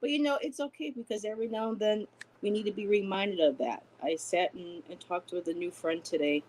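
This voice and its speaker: A woman talking as a guest on a spiritual chat stream, gentle and encouraging, with many pauses and fillers. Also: mid-range voice, rough recording. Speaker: guest intuitive reader.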